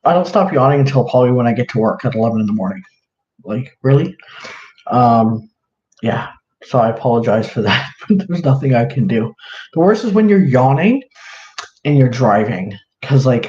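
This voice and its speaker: Showing off his handmade goods on a livestream, a man talks casually and wanders from point to point, leaning on fillers. His voice is medium in pitch with a darkish tone. The recording sounds roomy and dull, lo-fi with faint hiss.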